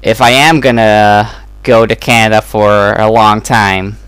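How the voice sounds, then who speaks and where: A man's voice: lowish voice, fairly even intonation, unhurried, fairly bright tone, clear, resonant tone, no echo. A young man from the Netherlands giving a casual, hesitant update to his channel, with many ums and restarts. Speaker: YouTube let's-play creator.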